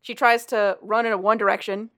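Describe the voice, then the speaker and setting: A woman chatting casually, recapping a story in an animated, loose way. Her voice sits at an ordinary pitch, and she tumbles through the plot with a mix of laughter and swearing. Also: brisk. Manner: animated retelling with profanity and laughter.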